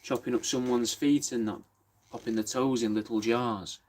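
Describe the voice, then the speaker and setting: A young man, a podcast host livestreaming crafts, keeps up laid-back banter in a casual chat, joking and swearing freely. His mid-range voice holds a steady tone at a moderate pace and has a darkish quality.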